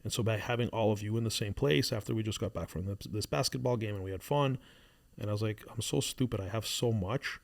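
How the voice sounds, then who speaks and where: A man in his thirties co-hosting a podcast, talking in a reflective, halting way with many restarts. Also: on the low side, creaky. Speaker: podcast co-host. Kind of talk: casual chat.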